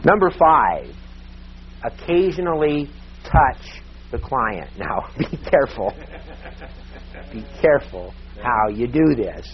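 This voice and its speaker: A man teaching a sales seminar in a lively, emphatic way, laughing often. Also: mid-range voice, takes it slowly, long pauses. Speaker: sales trainer. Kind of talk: live seminar talk. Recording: dull lo-fi tape with faint hiss.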